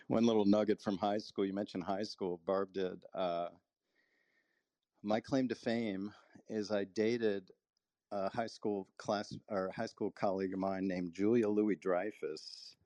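Male guest, low pitch, dry close sound, lively storyteller. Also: measured pace, dry recording. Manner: animated, acts out his own quotes. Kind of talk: casual storytelling.

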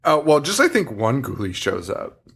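A man's voice: mid-range voice, sing-song, moderate pace, a bit bright, husky. A man co-hosting a podcast, in a casual movie-review chat, laughing and swearing freely as he retells scenes. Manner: laughing, profane, storytelling. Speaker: podcast co-host.

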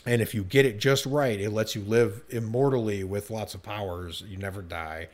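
A man's voice: on the low side, fairly even intonation, moderate pace. A man co-hosting a podcast, chatting casually and enthusiastically, rambling with many fillers and restarts. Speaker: podcast co-host.

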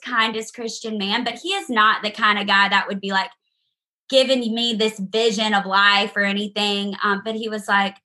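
A woman's voice: mid-range voice, steady tone, normal speed, sharp tone. A young woman telling an audience a heartfelt personal testimony, speaking earnestly and directly to them. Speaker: speaker sharing her testimony.

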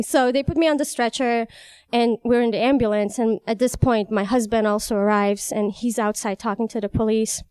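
A young woman from Iran telling a vivid first-person story, animated and laughing as she goes. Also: fairly high pitch, brisk, clean tone, no room sound.

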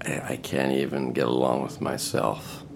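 An actor playing a bitter, drunken middle-aged estate manager, rambling and self-pitying in a stage drama. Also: male voice, a bass voice, level tone, moderate pace, gravelly, a little hiss or hum. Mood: despairing. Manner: rambling, melancholy, pleading.

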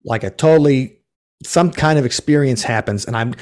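Medium in pitch and a little mellow, this man speaks at a moderate pace. He's a ghost tour operator telling a story in a casual interview, rambling, restarting, correcting himself, and acting out quotes.

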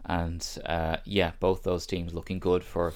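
A man co-hosting a podcast in casual chat, relaxed and rambling with fillers. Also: deep voice, a little slow. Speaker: podcast co-host.

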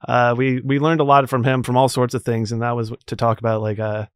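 A man's voice: medium pitch, little pitch movement, a little fast, clear, resonant tone, dry recording. A man hosting a horror movie podcast, chatting casually and rambling with restarts. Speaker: podcast host.

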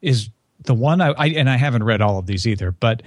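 A man's voice: medium pitch, animated, brisk, no echo. Middle-aged guy cohosting a book podcast, jokey, laughs a lot, dry mic. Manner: joking, laughs often. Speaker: podcast co-host. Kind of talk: casual chat.

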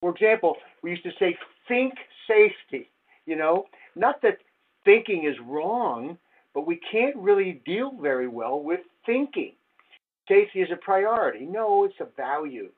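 A man's voice: high voice, expressive, moderate pace, breathy edge. An older man, a safety researcher, giving a wry slide presentation full of rhetorical questions. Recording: tinny phone-like audio.

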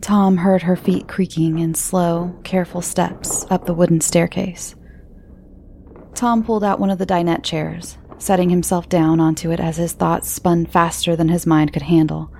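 Gravelly, low-voiced woman narrator. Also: slight background noise. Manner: calm, measured storytelling. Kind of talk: scripted horror narration.

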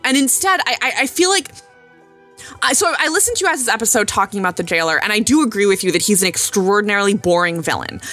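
Woman guest co-host: bright, higher voice, loose chatty tangents. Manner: rambling, self-aware tangents. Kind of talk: casual podcast chat.

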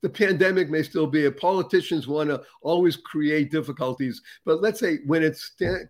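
A man's voice: fairly high pitch, darkish tone. A man hosting a motivational talk show, speaking emphatically and building to showy introductions. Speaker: host.

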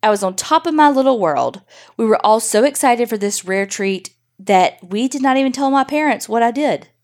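A woman's voice: on the high side, animated, normal speed, darkish tone. A woman podcast host reading a listener's story aloud in a wry, profane, conversational way.

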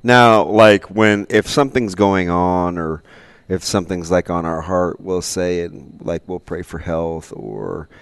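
A man's voice: low voice, unhurried, clean tone, no echo. A man co-hosting a morning radio show in casual banter, teasing his partner and laughing often. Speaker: radio co-host.

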